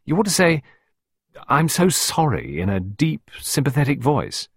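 A man's voice: fairly high pitch, wildly swooping pitch, a little slow, breathy edge, no echo, clean studio sound, pitched above the performer's own voice, heavily acted. Man doing an eager, lovesick young man. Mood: pleading. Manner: eager, pleading, petulant.

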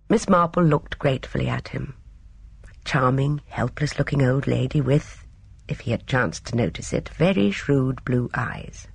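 A woman reading a novel aloud as a narrator, in measured storytelling. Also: rumbling low, animated, creaky, slightly rough, no room sound. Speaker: audiobook narrator. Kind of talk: scripted narration.

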